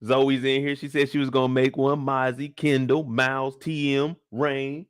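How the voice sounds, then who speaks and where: A man in his thirties hosts a live stream, casually reviewing and chatting in slang while greeting viewers by name. His voice is medium-pitched and level at a normal speed, with a clean tone, no echo and studio quality.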